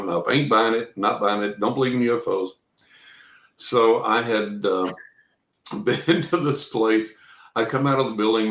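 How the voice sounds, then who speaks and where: A man's voice: on the low side, fairly bright tone. A man from Texas, a guest in an interview, rambling through a personal story and acting out what people said. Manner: rambling storyteller, acts out quotes. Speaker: guest, professional psychic reader. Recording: roomy echo.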